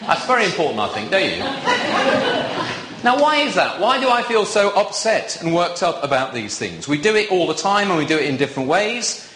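A man's voice: high-pitched, sing-song, a little fast, few pauses, a bit bright. A man preaching a sermon in a church, chatty and playfully teasing his congregation. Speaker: visiting preacher. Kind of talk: sermon with audience banter. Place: church with box pews. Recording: echoey church room.

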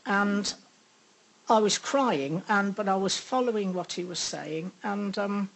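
An older woman giving a personal faith testimony, reflective and pausing often with ums. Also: mid-range voice, steady tone, gravelly, rough recording. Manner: unhurried, reflective, with frequent pauses and ums. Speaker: speaker sharing a faith testimony.

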